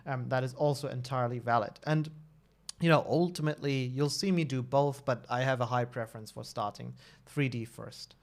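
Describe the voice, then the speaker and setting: A man's voice: mid-range voice, steady tone, moderate pace. A man in his thirties chatting casually on a live stream, talkative and often restarting and correcting himself. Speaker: streamer and level designer.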